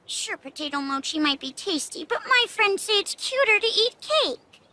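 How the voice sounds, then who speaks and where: A woman's voice: extremely high pitch, sing-song, normal speed, bright, forceful tone, heavily acted. A bubbly little girl. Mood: pouting. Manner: bubbly, exclamatory. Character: cheerful little village girl, excitable, fond of cute things. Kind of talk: anime English dub.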